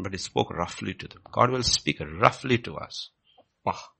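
Deep gravelly male preacher. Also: expressive, normal speed. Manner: swings from low murmurs to loud, high emphatic bursts; asks the congregation questions and repeats key phrases. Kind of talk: sermon with Bible reading.

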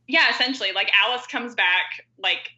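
Very bright-voiced woman chatting casually. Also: a little high, normal speed, highs cut off. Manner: chatty, swears freely, many fillers. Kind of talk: casual chat.

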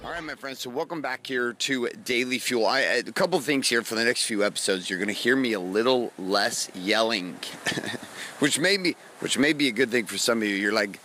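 A man hosting a motivational podcast, talking slowly and quietly to rest a strained voice, casual and profane, while walking down a street outdoors. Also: mid-range voice, a little hiss or hum. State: strained voice, resting it. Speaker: podcast host and coach.

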